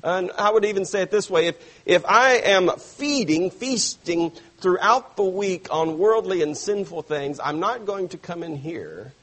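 A male pastor delivers an evening sermon at an unhurried, deliberate pace. His voice is a little husky and sits somewhat high for a man. He presses hard on key words, then lets whole phrases sink soft. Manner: emphatic preaching with slow stressed phrases and sudden soft drops. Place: church.

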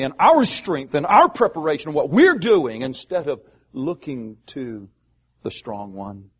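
A man pastor preaching a sermon, asking the congregation rhetorical questions and pausing for emphasis. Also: on the high side, slightly rough.

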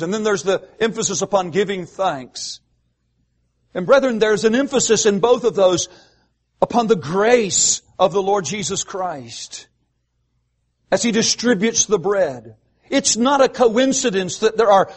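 A man pastor preaching a sermon, asking the congregation rhetorical questions and pausing for emphasis. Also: high-pitched, expressive, husky.

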